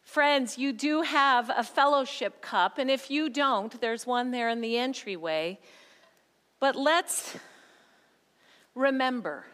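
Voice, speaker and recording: A woman leads communion during a church service, her voice high and her delivery very slow. She speaks gently, with measured care over each phrase. A long hall reverb surrounds her words. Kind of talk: leading communion. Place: church sanctuary.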